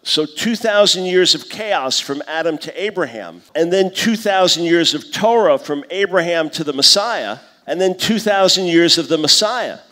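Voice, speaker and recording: A man in his fifties giving a conference lecture on scripture, teaching in a lively way and acting out the voices he quotes. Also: a little high, moderate pace, few pauses. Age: 50s. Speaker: conference speaker. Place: conference hall. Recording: long hall reverb.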